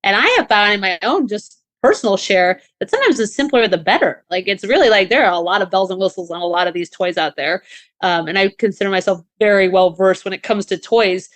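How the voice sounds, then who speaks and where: A woman's voice: mid-range voice, fairly quick, a bit bright, no echo. A woman co-hosting a podcast, giving casual advice in a chatty way with many fillers and restarts. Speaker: podcast co-host.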